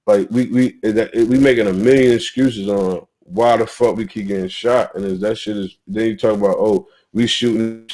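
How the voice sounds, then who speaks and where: A man's voice: lowish voice, steady tone, normal speed, hardly any pauses, dark tone, poor audio. A young man on a talk show panel, giving heated, profane commentary full of repeated phrases and rhetorical questions. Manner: ranting, profane, repeats himself; rhetorical questions, "you feel me" fillers. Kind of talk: casual chat, heated commentary.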